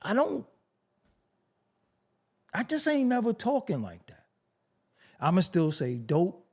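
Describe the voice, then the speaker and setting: Brooklyn host, male, New York accent; loose unscripted rant, slow and lively, swears freely. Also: high voice, slightly rough. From Brooklyn, New York City. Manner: profane, animated, mocking, rhetorical questions. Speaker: show host. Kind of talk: unscripted rant to a live stream audience.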